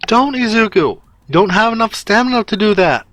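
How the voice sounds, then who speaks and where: A man voicing an emotional, tearful schoolgirl in a fan story reading, pleading and scolding in a high pitch. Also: lively intonation, normal speed, bright, forceful tone, no echo. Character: tearful anxious girl student, emotional.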